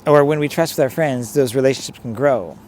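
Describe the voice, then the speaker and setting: Priest giving a rambling reflection outdoors. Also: male voice, medium pitch, brisk, a little mellow, slight background noise. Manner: conversational, rambling, direct address to listeners. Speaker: priest, pastor. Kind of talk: reflective sermon-style talk.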